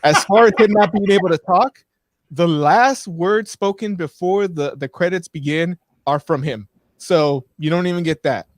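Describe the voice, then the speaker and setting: Man, co-host, casual rambling talk, slightly high pitch, dry recording. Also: normal speed, no room sound. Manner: rambling, restarts, frank opinions. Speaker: podcast co-host. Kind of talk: casual live-show chat.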